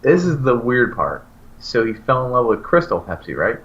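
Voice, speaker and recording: A man co-hosting a podcast, telling ranting stories in casual banter. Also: moderate pace. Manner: animated ranting storyteller with big pitch jumps. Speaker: podcast co-host. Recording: slightly dull lo-fi recording.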